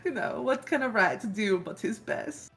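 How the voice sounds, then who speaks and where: A woman's voice: on the high side, lively intonation, unhurried, gravelly, a bit bright, faint music behind, full character voice. A woman voicing a friendly, polite male rat shopkeeper who gushes with thanks. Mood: cheerful.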